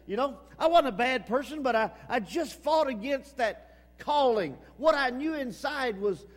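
A man preaching a sermon with emphasis, repeating his phrases and swinging between loud and hushed. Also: very high-pitched, animated, moderate pace, big-room sound.

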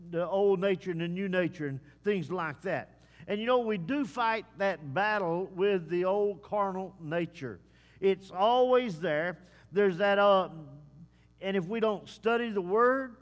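A man preaching a sermon to his congregation in a folksy way, with many pauses and "uh" fillers. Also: sits high. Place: church service. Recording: long hall reverb.

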